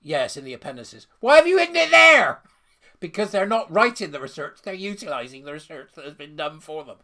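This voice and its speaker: A man's voice: on the high side, fairly bright tone. A man giving scornful, sarcastic ranting commentary while reading out a letter.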